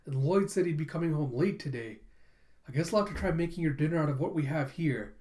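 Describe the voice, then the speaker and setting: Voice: mid-range voice, fast talker, warm tone, lightly acted. A manga streamer voicing a polite, apologetic young mother who fusses over the family dog, in a raised, flustered voice. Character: gentle, apologetic young mother, anxious cook.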